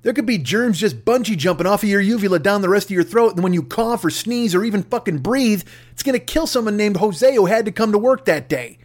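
A man's voice: sits high, expressive, brisk, few pauses. A man hosting a podcast, ranting angrily and sarcastically with heavy swearing. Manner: angry, sarcastic, swearing heavily. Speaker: podcast host. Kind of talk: profane comedic rant.

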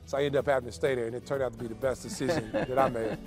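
A man's voice: medium pitch, racing, music in the background. A middle-aged man, a former basketball player, telling a story at a podcast roundtable and acting out the dialogue. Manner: animated storyteller, acts out dialogue.

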